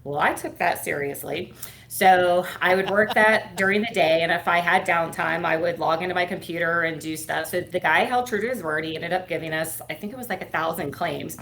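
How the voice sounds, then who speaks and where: A woman's voice: lowish voice, fairly quick, vocal fry, a bit bright. A middle-aged woman guesting on an interview, telling her career story in a chatty way with lots of fillers. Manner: chatty, many fillers, acts out quoted dialogue. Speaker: guest, firm owner and CEO.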